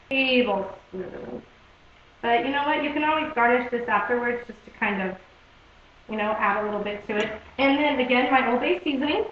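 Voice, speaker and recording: Chatty high-voiced woman cooking at home. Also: slight background noise. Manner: chatty, repeats "okay?" and "guys". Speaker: cooking video host. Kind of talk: casual home cooking demonstration. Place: home kitchen. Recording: echoey, dull home video recording.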